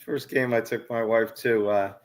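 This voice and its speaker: A man co-hosting a casual sports podcast over a video call, telling animated stories and acting out his own yells. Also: medium pitch, normal speed. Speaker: podcast co-host.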